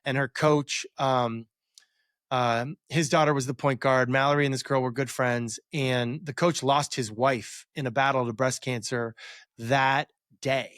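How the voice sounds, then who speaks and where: A man in his forties talks through a personal memory, circling back with fillers and restarts. His voice sits in a middle pitch. The recording is close and dry. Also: steady tone, measured pace, fairly bright tone, no room sound. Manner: rambling, many fillers and restarts. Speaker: guest, former quarterback. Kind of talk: reflective storytelling interview.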